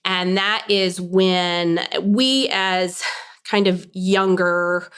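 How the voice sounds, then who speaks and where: A woman in her forties, a lawyer, speaking as an interview guest in an articulate, measured, explanatory way. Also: lowish voice, steady tone, fairly bright tone, clear, resonant tone. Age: 40s. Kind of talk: casual interview. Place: hair salon.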